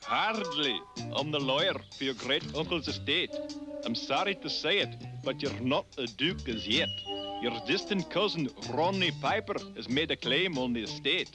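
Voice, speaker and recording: A man's voice: a little high, expressive, normal speed, natural voice. An actor playing a formal, prim male estate lawyer in a 1980s cartoon. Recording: cartoon soundtrack with music. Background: music.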